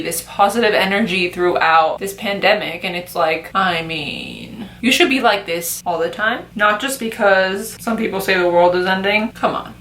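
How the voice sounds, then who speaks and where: A young adult woman vlogger telling stories in casual chat while doing her makeup, animated and slangy. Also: mid-range voice. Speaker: beauty vlogger. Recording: roomy echo.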